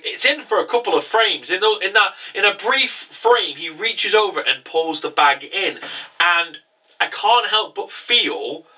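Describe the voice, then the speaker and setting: A man hosting a casual anime episode review, talking in an excitable, rambling way with lots of stammered restarts. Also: sits high, recorded from a distance.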